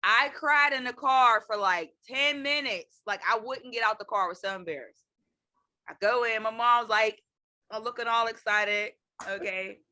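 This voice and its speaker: A young woman in her twenties co-hosts a casual storytime chat, telling her side with plenty of slang and laughter. Her voice sits a little high and rings bright and sharp. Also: moderate pace. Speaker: co-host.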